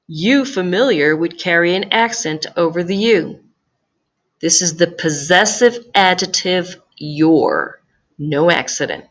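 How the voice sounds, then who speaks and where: A woman gives a recorded grammar lesson. She speaks slowly and patiently, with a somewhat low voice. She repeats each key phrase so it sinks in. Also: fairly bright tone. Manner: slow, patient explaining with careful repetition. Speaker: Spanish teacher.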